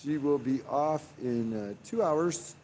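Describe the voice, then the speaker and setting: A man's voice: fairly high pitch, takes it slowly, darkish tone, slight background noise. Man rambling casually on a live stream. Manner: rambling, with frequent "uh" fillers. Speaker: livestreamer. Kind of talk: casual live stream, reading chat aloud.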